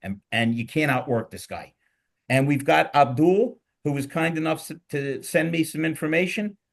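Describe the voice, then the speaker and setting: Middle-aged male host, Philly accent, rambling and jokey, energetic panel banter. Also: fairly high pitch, moderate pace, gravelly. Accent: Philadelphia. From Philadelphia. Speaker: podcast host. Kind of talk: casual panel talk.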